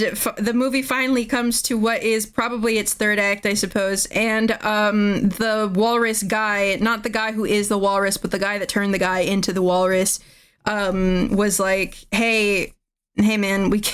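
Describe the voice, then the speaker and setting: Woman streamer, smooth clear voice, rambling swear-laden recap, chuckles at her own jokes. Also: fairly high pitch, fairly bright tone. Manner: rambling, laughing at own jokes, frequent restarts, swears casually. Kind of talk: casual movie recap.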